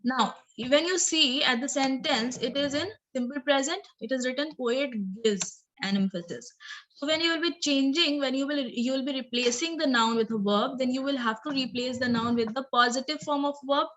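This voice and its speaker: A woman's voice: high-pitched, moderate pace, fairly bright tone, a little hiss or hum, low-quality recording. A woman teacher explaining English grammar in a recorded lesson, repeating and rephrasing points and checking in with "okay" and "right".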